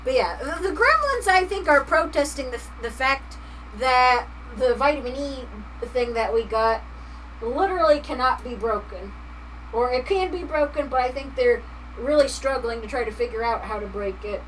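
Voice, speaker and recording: A woman's voice: high-pitched, animated, moderate pace, fairly bright tone, far from the mic, slight background noise, rough recording. A woman chatting casually on a live stream, laughing often and reading chat messages aloud while she works.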